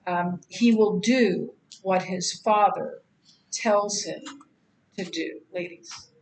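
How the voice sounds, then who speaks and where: A middle-aged woman teaching a Bible study lecture, halting often with ums and restarts. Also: lowish voice, vocal fry, reverberant, low-quality recording. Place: church classroom.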